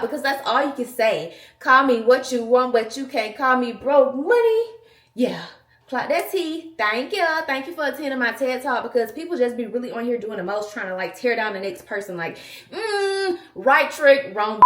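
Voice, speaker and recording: A woman's voice: fairly high pitch, a bit bright, echoey room. A woman, chatting sassily and emphatically to camera as a vlogger. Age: 20s. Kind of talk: casual chat to camera.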